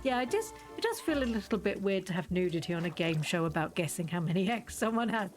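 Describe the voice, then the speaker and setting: Woman streamer, casual gameplay chat, jokey and quick to laugh, soft music under her. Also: medium pitch, sing-song. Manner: chatty, joking, laughs often.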